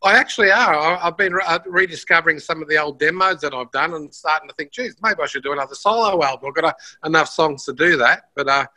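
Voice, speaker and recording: A man's voice: on the high side, quick pace, few pauses, sharp tone, no room sound, low-quality recording. A man, a musician and broadcaster, talking in a casual interview in a modest, earnest way.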